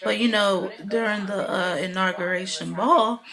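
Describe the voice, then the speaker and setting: A woman's voice: medium pitch, moderate pace, creaky, crowd noise. A woman casually recapping a TV episode in a vlog, rambling and chatty with lots of "you know" and "like". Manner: animated, acts out the characters' lines while retelling.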